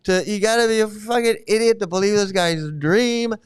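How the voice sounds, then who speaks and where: A man's voice: high-pitched, moderate pace, smooth. A man hosting a stream, giving angry, mocking commentary full of profanity. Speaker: host. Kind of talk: ranting commentary on a replayed stream.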